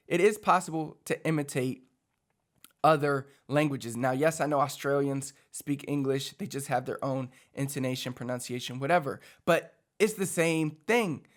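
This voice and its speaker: A man from Puerto Rico, teaching in a casual, chatty way full of fillers, as a language coach. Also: fairly high pitch. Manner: animated, chatty, many fillers like "like".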